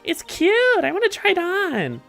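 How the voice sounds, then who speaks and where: A woman putting on a carefree young circus animal tamer from a video game. She chirps in a high, sing-song way, her voice climbing and dipping with giddy lilt. Faint music sits under it. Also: huge pitch swings, measured pace, gravelly, a bit bright, exaggerated voice.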